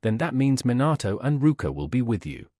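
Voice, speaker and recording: A man's voice: mid-range voice, very animated, a little fast, mellow, no room sound, clean studio sound. Man reading as a friendly young man.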